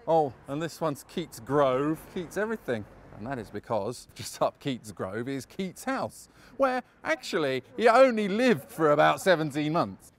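A man's voice: a little high, expressive, measured pace, hardly any pauses, a little hiss or hum. Chatty man guiding an outdoor walk. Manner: chatty and anecdotal, chuckles often. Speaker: walking tour guide. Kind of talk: casual guided walk narration.

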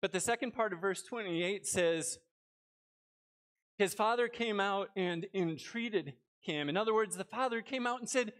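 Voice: mid-range voice, unhurried, a bit bright. A pastor giving a church sermon, reading scripture aloud and then explaining it with rhetorical questions.

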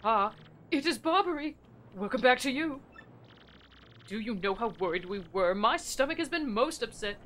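A woman's voice: fairly high pitch, animated, normal speed, long pauses, a bit bright, slight background noise. A woman voicing a pompous, cowardly male merchant in a video game, grandiose and fussy. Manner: grandiose, fussy, self-pitying. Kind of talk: reading game dialogue aloud in voices.

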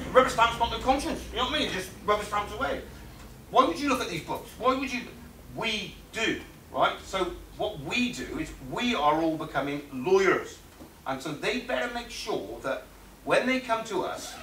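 Man, conference speaker, lively storytelling, bright voice, roomy distant sound. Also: high voice, slight background noise. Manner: lively anecdotal, acts out quotes, laughs often. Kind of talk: animated storytelling talk. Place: conference room. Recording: roomy hall audio from far off.

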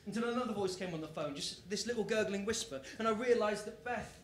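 Guy doing a spoken word poem on stage, really high voice, roomy hall sound. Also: quick pace, a little hiss or hum. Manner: rhythmic storytelling delivery, builds to shouted emphasis. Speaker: performance poet. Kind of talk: rhyming spoken-word poem performed live. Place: live venue on stage. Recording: roomy live venue sound.

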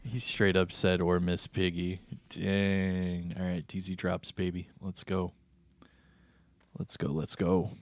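A man's voice: sits low, little pitch movement, measured pace, no echo. A man streaming a shooter game, chatting casually and answering his viewers' comments as he plays. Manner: chatty, laid-back, reads and answers chat.

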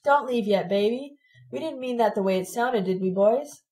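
A woman's voice: on the high side, normal speed, a little mellow, natural voice. A woman voicing a brash, touchy young male gang leader who talks in swaggering street slang. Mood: taunting.

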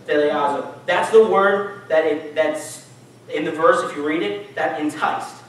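Speaking slowly in a slightly high voice, a man gives an easygoing sermon in a church hall and quizzes the congregation. There's a little hiss or hum, and the far-off mic captures plenty of echo.

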